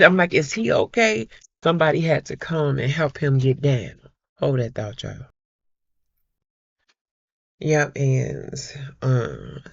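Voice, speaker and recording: A middle-aged woman vlogger chatting to her viewers, telling a personal story in a slow, heartfelt way and calling them y'all. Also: very deep voice, gravelly, darkish tone, no echo, lo-fi sound. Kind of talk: casual chat to viewers.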